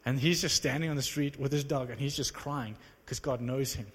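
Young South African preacher in a hall. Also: male voice, mid-range voice, brisk, slightly rough. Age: young adult. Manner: animated storytelling, rising to excited exclamations. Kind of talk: sermon with personal testimony. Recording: reverberant hall.

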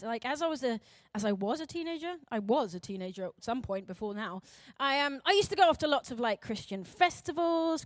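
Young British woman preacher, high voice, dry recording, lively and self-mocking. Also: no echo. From Britain. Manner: animated and chatty, acting out quotes, laughing at herself. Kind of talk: sermon.

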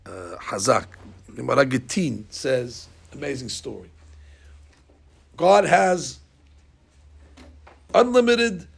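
A man teaching a Talmud class, telling stories in an animated way and acting out the lines. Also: mid-range voice, slow pace, vocal fry, long pauses, breathy edge. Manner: animated storyteller, acting out lines with rising shouts. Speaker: Torah teacher.

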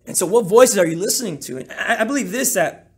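A man preaching a sermon as pastor, in an energetic, conversational style that repeats key phrases for emphasis. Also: sits high, quick pace, a crowd in the background.

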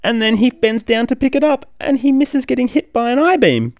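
A man's voice: very high-pitched, brisk, a little mellow, no echo, studio quality. A man reading a comic aloud to his young child, playful and sing-song, with big reactions. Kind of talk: animated comic read-aloud.

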